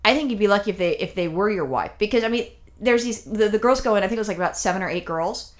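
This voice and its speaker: A woman's voice: mid-range voice, animated, quick pace. Rambling, foul-mouthed woman chatting. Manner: crude, rambling storytelling with lots of swearing. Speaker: podcast co-host. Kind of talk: casual chat.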